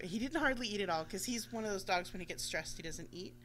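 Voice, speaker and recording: A woman telling a long casual story on a radio talk show, animated and swearing freely, acting out the voices she quotes. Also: mid-range voice, fast, slight background noise.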